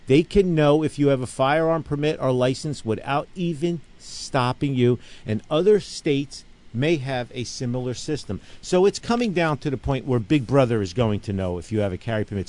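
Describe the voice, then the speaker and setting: A man's voice: medium pitch, animated, moderate pace, a little mellow. A middle-aged man hosting a casual radio talk show, talking emphatically and rambling through stories with many restarts and frequent "okay?" check-ins. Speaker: radio show host and gun range owner.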